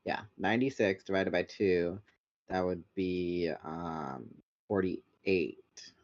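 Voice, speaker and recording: A man co-hosting a podcast in casual chat, playful and rambling, running through tongue-twister warm-ups. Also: sits low, slow, highs cut off. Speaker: podcast co-host.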